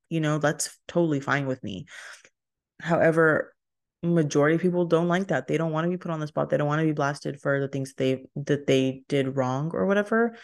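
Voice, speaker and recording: A young woman from Texas, hosting her solo podcast in a rambling, chatty way, often laughing and breaking off mid-sentence. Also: low-pitched. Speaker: podcast host. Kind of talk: casual solo podcast chat.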